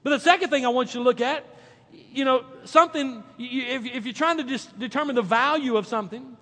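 Male pastor, high-pitched, emphatic delivery that rises and drops, reverberant hall. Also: fairly quick. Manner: emphatic preacher, swings between loud and hushed. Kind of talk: sermon.

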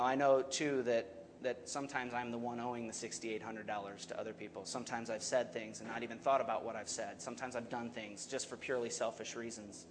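A young pastor gives a sermon in a slightly high voice, speaking plainly and putting questions to the room. A faint hum sits under the recording from a church. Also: male voice, a bit bright. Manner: conversational, asks the congregation questions.

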